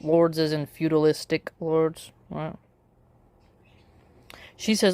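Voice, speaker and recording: A woman's voice: low-pitched, flat delivery, slow, mellow, clean tone, no echo. A woman giving casual spoken commentary in a sarcastic way, full of rhetorical questions. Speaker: political commentator.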